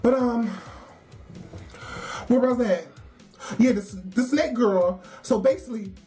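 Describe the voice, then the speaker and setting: A woman's voice: fairly high pitch, slow, mellow, soft background music. A woman, telling a casual work story, laughing often and acting out the voices of the people she quotes.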